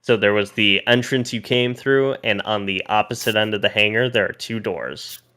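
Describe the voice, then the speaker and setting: A man narrating a tabletop role-playing game as game master, pausing and restarting as he describes each scene. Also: on the low side, bright, forceful tone.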